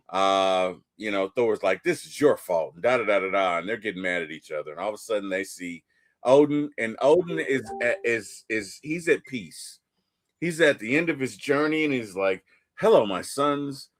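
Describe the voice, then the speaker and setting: A man chatting casually about a movie, retelling scenes and acting out characters in quick asides. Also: fairly low pitch, a bit bright, no echo. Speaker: podcast co-host.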